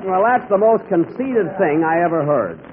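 A man's voice: high-pitched, sing-song, moderate pace, noisy background. A man hosting a scripted radio comedy show, trading sarcastic, exasperated put-downs with his cast on a tinny old broadcast.

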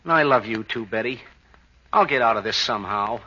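An actor playing a hapless, self-doubting young shopkeeper in a vintage radio comedy, talking earnestly. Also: male voice, mid-range voice, lively intonation, moderate pace, bright, forceful tone. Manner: earnest, rising to comic exasperation. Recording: muffled old radio recording with clear hiss.

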